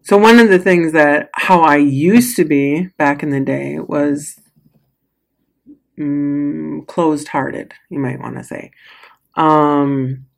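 This middle-aged coach or healer has a low voice with vocal fry and takes her time. Her motivational talk to clients is casual and emotional, broken often by sighs and laughter.

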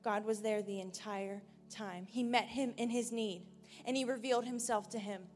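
On a church stage, a woman preaches earnestly into a handheld mic, shifting from raised emphasis to a hushed near-whisper. Her medium-pitched voice holds a steady tone at normal speed, in a large hall with soft music in the background.

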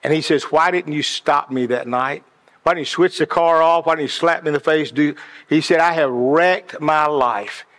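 With long hall reverb behind him, a man gives a sermon-like talk about decisions in a somewhat high, slightly bright voice at normal speed. He is passionate and earnest, often repeating words as he builds his point.

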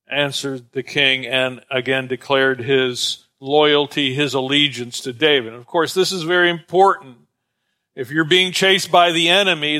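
Bright-voiced man teaching a Bible lesson. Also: fairly high pitch. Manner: conversational, digressive, many fillers.

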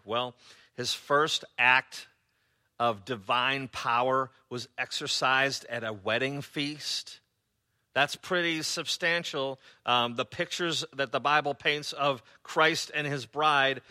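A man preaching a sermon as pastor, conversational and sarcastic, often pausing on fillers. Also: mid-range voice, pushed and bright.

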